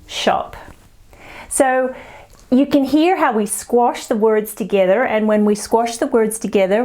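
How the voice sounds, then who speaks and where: A woman with an Australian accent teaching an online English lesson, encouraging and demonstrating phrases slowly. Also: mid-range voice, a little mellow.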